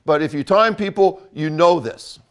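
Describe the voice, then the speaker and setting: Older male coach, higher-pitched, blunt and emphatic delivery. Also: normal speed, smooth. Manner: blunt, emphatic, repeats for effect. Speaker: football coach. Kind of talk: coaching talk.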